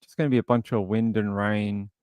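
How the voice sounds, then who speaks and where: A man's voice: on the low side, little pitch movement, fairly quick, a little mellow, clean tone, no echo. A man hosting a casual livestream, chatting and thinking aloud as he scrolls through material. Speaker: livestream host.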